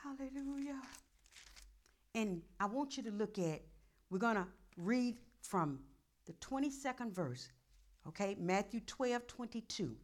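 A woman pastor, preaching a sermon that swings from murmured prayer to loud calls. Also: fairly high pitch, animated, measured pace.

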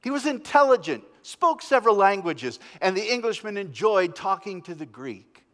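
A male pastor preaching a sermon as a story, dramatic, swinging between loud and hushed. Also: high-pitched, sing-song, moderate pace, in a large hall. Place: church.

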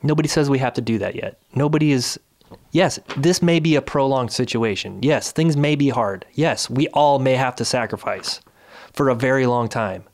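A man vents from his couch at home in a fiery, indignant rant. He hammers away with rhetorical questions in a voice of ordinary middle pitch. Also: moderate pace. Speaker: video series host. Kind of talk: angry ranting commentary.

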